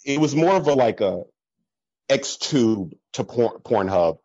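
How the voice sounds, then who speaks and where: A man chatting casually as a podcast guest, telling stories full of fillers, laughing often and jumping higher in pitch when he quotes people. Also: takes it slowly, no room sound, dull audio. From American Midwest. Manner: animated storyteller, swings up in pitch when quoting people. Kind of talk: casual chat.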